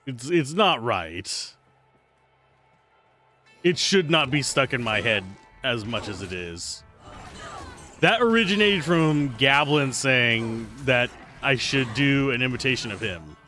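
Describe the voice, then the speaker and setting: A male streamer talks through his gameplay in a loose, playful way, thinking out loud as he goes. His voice is bright and forceful, and it swings widely in pitch. Game music plays faintly underneath. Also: very animated, slow, long pauses. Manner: chatty, playful, thinks aloud. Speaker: streamer playing a video game. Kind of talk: casual livestream commentary.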